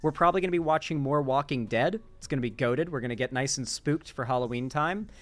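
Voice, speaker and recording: A man's voice: mid-range voice, fast talker. A young man hosting a live stream, chatting casually and sleepily with his chat and reading out donations as he wraps up. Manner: laid-back, rambling, thanks chat and reads donations aloud. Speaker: political commentary streamer.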